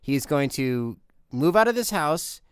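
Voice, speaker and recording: A man's voice: fairly high pitch, big pitch swings, unhurried, clear, resonant tone, dry recording, clean studio sound. A man co-hosting a podcast in casual chat, teasing his friend and reading listener mail. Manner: teasing, reads listener email aloud. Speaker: podcast co-host.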